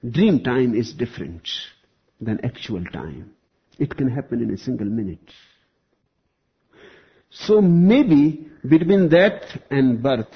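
A man giving a slow, deliberate spiritual discourse, pausing often. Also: mid-range voice, slightly rough. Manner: slow, deliberate, with long pauses. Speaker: spiritual teacher. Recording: dull lo-fi recording.

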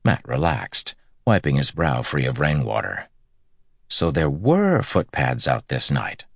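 A man narrating a story in an audiobook, with steady, measured storytelling. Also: extremely low pitch, gravelly, slightly rough, dry recording, clean studio sound. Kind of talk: scripted narration.

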